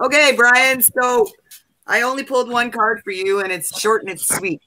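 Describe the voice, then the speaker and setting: A woman's voice: a little high, normal speed, pushed and bright, rough recording. A woman co-hosting a casual livestream, delivering a tarot reading as an emphatic, repetitive pep talk. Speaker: co-host reading tarot cards.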